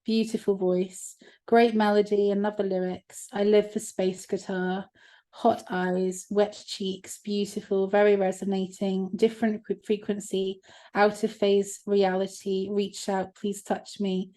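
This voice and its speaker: A woman co-hosting an online event on a video call, reading out chat comments warmly and emotionally. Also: mid-range voice, little pitch movement, measured pace. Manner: emotional, laughing, tearful. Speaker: co-host.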